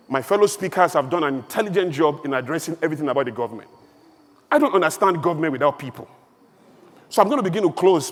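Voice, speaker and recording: A man with a Nigerian accent giving an emphatic, animated public speech at a conference, full of rhetorical questions. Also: a little high. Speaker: conference speaker. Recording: long hall reverb.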